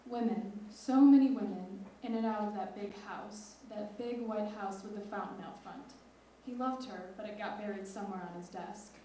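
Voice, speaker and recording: Heard from a distance in a big, echoey hall, a teenage girl reads a lyric essay she wrote, with faint background noise around her. She is a student writer, and her mid-range voice is mellow and dark in tone as she delivers the piece with measured expression.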